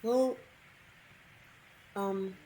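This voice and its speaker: A woman's voice: medium pitch, steady tone, extremely slow, warm tone, slight background noise. A woman giving casual, snarky commentary over her game, playfully talking back to the characters. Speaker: gamer streaming a playthrough.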